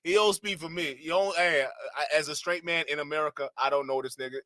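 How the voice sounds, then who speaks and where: Bright-voiced guy reacting to a clip, slangy and laughing, in disbelief, dry close sound. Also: on the high side, quick pace, no echo. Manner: incredulous, laughs often, slangy. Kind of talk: casual reaction stream talk.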